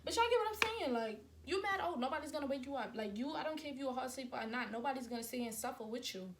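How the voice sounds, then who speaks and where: A young woman in her twenties tells a story straight to her camera, acting out each scene as she goes. Her voice sits a little high and talks right at the viewer. A faint hiss lies under the indoor camera sound. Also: racing. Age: 20s. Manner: animated, acts out scenes, addresses viewers directly. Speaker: vlogger. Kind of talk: storytime vlog. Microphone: camera mic.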